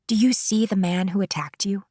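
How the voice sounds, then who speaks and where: A woman voicing a female prosecutor who questions a witness in a measured, gentle way, in an audiobook. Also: mid-range voice, no room sound, clean studio sound, pitched above the performer's own voice, close to an everyday voice. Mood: probing.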